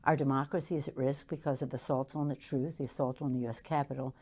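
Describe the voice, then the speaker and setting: An older woman politician reading a campaign announcement in a slow, deliberate way. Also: extremely low pitch, fairly even intonation, warm tone, breathy edge.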